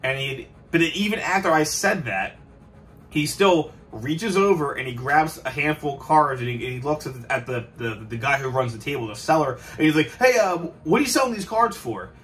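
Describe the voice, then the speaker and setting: A man's voice: mid-range voice, moderate pace, fairly bright tone. A young man talking casually to camera about collecting, rambling with many restarts and fillers. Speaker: collector vlogger. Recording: distant mic, faint background music. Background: faint music.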